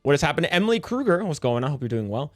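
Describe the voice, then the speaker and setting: A young man riffs on a livestream in a loose, rambling way, greeting his chat by name and swearing freely. His voice sits a bit high for a man, and soft music plays faintly behind him. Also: sing-song, racing.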